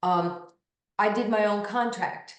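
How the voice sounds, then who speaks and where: A woman in her sixties from New York, telling animated stories in an interview and acting out what people said. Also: mid-range voice, slow. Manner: animated anecdotes, acting out quoted voices. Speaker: interview guest, basketball pioneer. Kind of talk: storytelling interview. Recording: echoey room.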